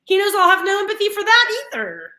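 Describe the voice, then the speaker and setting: A woman's voice: very high voice, fast. A woman in her thirties co-hosting a casual morning live show, telling stories animatedly with flashes of frustration. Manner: animated storytelling, frustrated and laughing. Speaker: live stream co-host.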